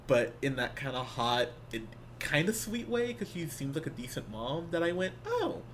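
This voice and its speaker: A man's voice: mid-range voice, very animated, normal speed, a bit bright, slight background noise. A man co-hosting a podcast, reviewing a film in loose, joking casual chat full of restarts. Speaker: podcast co-host.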